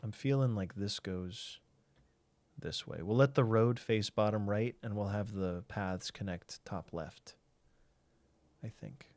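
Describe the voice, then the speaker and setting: A man's voice: on the low side, takes it slowly, darkish tone, no echo. A man streaming a game, chatting casually and thinking aloud while he answers chat.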